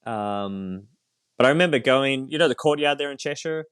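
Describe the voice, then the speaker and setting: Male priest, interview guest; candid, faltering storyteller with wry humor; mid-pitched, smooth, dry close-mic sound. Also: expressive, fairly bright tone, dry recording. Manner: reflective, halting, with frequent fillers and light self-mocking laughs.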